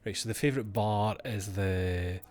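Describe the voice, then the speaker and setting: A man's voice: fairly low pitch, moderate pace, a little mellow. A man streaming a game, reading its letters aloud and breaking off for wry asides to himself.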